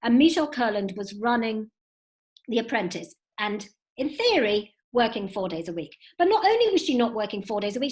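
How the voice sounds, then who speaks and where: A woman in her fifties, a guest telling lively stories with many "you know"s over a video call from home. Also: on the high side, fairly quick. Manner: animated storytelling with frequent "you know". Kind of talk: recorded video call interview. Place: at home indoors.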